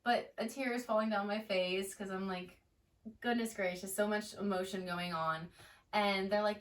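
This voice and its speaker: A woman's voice: medium pitch, normal speed. A woman in her twenties, a teacher and podcast guest, telling classroom stories in casual chat and acting out her students' lines. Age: 20s. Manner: animated storyteller, acts out students' voices. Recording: roomy, a bit far from the mic, faint noise.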